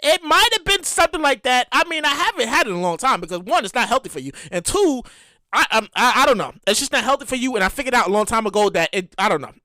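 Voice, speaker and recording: Animated, foul-mouthed woman podcast host. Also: fairly high pitch, fast, no echo, clean studio sound. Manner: animated, profane, repeats herself and acts out quotes. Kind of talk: casual solo podcast commentary.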